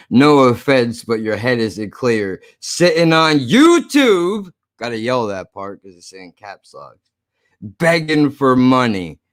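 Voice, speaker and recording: A man's voice: fairly high pitch, fairly bright tone, dry recording, studio quality. A man ranting angrily to camera in a video blog, profane, sarcastic and repetitive. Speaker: YouTube creator. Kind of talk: angry ranting vlog to camera.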